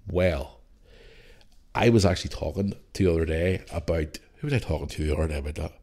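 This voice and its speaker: A man ranting on his own podcast, exasperated and full of sarcasm. His voice sits a little low for a man. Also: a little fast, darkish tone. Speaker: podcast host. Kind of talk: solo podcast rant.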